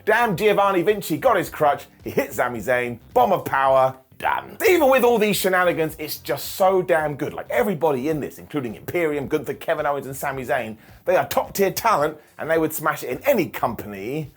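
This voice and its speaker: Lively husky-voiced man doing a sarcastic recap. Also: fairly high pitch. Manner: sarcastic, jokey, quick asides. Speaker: wrestling show reviewer and host. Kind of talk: animated comedic recap.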